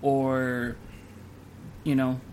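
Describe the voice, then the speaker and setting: A man's voice: medium pitch, monotone, extremely slow, darkish tone, a little hiss or hum. A man hosting a casual podcast chat, rambling and joking loosely. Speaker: podcast host.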